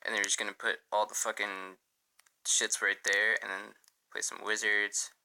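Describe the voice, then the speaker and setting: A man's voice: on the low side, level tone, moderate pace, bright, forceful tone, smooth. A young man rambling profanely through a casual storytime as a gaming channel host, full of filler words.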